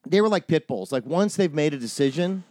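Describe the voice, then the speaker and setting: Animated middle-aged man telling a story. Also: a little high, a little fast, no echo. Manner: animated storyteller, acts out quotes, swears freely. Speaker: podcast co-host. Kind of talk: casual chat.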